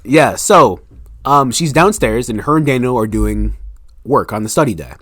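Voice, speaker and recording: A man's voice: mid-range voice, moderate pace, no room sound, clean studio sound. A young man, an author guest on a podcast, chatting casually and acting out scenes from his own book. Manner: animated storyteller, acts out scenes with quoted voices.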